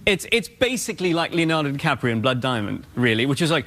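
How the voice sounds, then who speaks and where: A man's voice: a little high, sing-song, fast talker, hardly any pauses, fairly bright tone. A man from South Africa with a South African accent touched by London, a dry, self-deprecating talk show guest. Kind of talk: comic interview banter.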